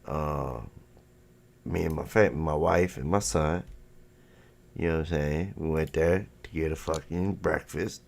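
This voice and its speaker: Streamer type, male, very low gravelly voice, loose profane storyteller. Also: steady tone, a little slow, darkish tone. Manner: profane, rambling, says "you know what I'm saying" a lot. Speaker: livestream host. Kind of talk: casual storytelling on a livestream.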